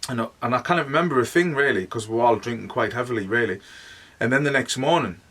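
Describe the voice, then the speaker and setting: A man with a Northeast English accent recounts his experiences in a loose, rambling way. His pitch sits in a middle range, and he talks casually with plenty of "like". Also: fast talker, a bit bright, far from the mic. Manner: rambling, chatty, full of "like". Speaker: medium. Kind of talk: casual storytelling monologue.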